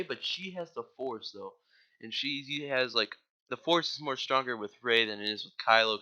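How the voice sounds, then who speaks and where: A man's voice: medium pitch, bright, forceful tone, dull audio. A man giving a casual, rambling movie plot recap, full of "like" and offhand swearing. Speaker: movie reviewer.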